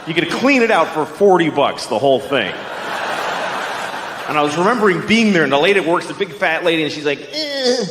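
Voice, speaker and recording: A man's voice: animated, a little fast, reverberant, big-room sound. A middle-aged man doing a profane, ranting stand-up comedy set on a club stage. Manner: ranting, profane, jumps into shrill yelling bits. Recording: live set with clear audience noise.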